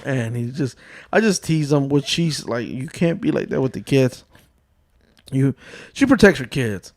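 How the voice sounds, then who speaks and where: A man's voice: mid-range voice, lively intonation, measured pace, vocal fry, darkish tone, dry recording, studio quality. Joking man telling family stories. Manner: joking, storytelling, swears freely. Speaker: podcast host. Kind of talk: casual chat.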